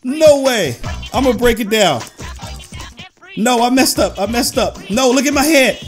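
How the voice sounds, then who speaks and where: A young man giving playful, excitable commentary on a video game, joking, shouting and singing little bits as he plays. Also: very high-pitched, moderate pace. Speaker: gaming YouTuber. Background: game music.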